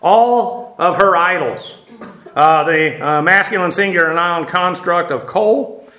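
Bright-voiced man teaching Bible, roomy echo. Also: high-pitched, slow pace. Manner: informal, many fillers, spells out Hebrew words. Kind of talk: verse-by-verse Bible lesson.

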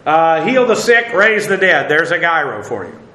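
A man's voice: on the high side, very animated, moderate pace, pushed and bright, reverberant, rough recording. A man teaching a verse-by-verse Bible lesson in a conversational way, with many fillers and wry asides.

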